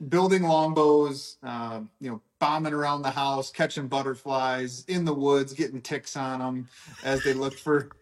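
A man's voice: medium pitch, fairly even intonation, measured pace, a little hiss or hum. A man, a radio guest telling family stories in a friendly, easygoing way. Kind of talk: casual radio interview.

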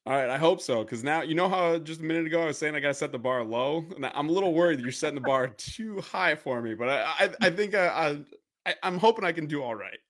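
Relaxed man from Wisconsin, measured. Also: a little high. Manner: relaxed, measured, stumbling restarts. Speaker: quiz contestant, guest. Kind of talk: casual radio chat.

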